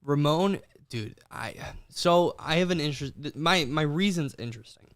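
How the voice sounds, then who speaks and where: A young man chatting casually as a podcast co-host, his voice smooth and clear. He speaks a little higher than most men and tells stories in animated, hurried bursts. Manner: animated storytelling, quick bursts and restarts. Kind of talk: casual chat.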